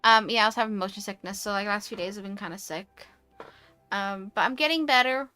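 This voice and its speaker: A British woman chatting casually on a stream, animated and quick to rant, swearing freely. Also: medium pitch, clear, resonant tone, soft background music. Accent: British English. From United Kingdom. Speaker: VTuber streamer. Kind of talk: casual chat.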